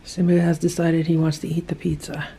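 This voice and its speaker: A woman narrating a casual home video about her cats, soft-spoken and often dropping to a whisper, and cooing at the pets. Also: deep voice, little pitch movement, fairly quick, a little hiss or hum. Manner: coos at pets in a raised voice. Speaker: cat rescue vlogger.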